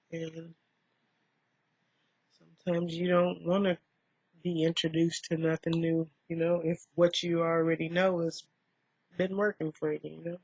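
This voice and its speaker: A woman vlogger talking softly and reflectively in a rambling way while doing her makeup, in a dull lo-fi recording. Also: sits low, gravelly, breathy edge, no room sound. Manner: soft-spoken, rambling, musing.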